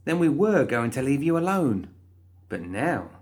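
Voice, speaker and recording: A man's voice: mid-range voice, very animated, measured pace, a little mellow, pitched above the performer's own voice. A man voicing a cheerful, prim undead young woman, talking in a chirpy, sweetly indignant way in a storybook reading.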